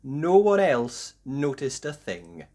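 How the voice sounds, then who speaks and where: A woman reading a children's storybook aloud with slow, expressive, sing-song delivery. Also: rumbling low, very noisy. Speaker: story reader.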